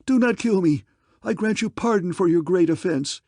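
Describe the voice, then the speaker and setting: A man's voice: high-pitched, sing-song, normal speed, no room sound, clean studio sound, voice pushed up. A man voicing a cruel, diseased old male leper king who screams in rage and pleads when threatened. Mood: frantic.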